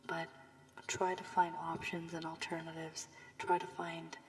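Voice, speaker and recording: A woman giving a tarot reading with advice, her voice worn from illness, speaking softly and often half-whispering. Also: low voice, completely flat delivery, a little slow. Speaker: tarot reader. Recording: long room reverb, faint background hiss.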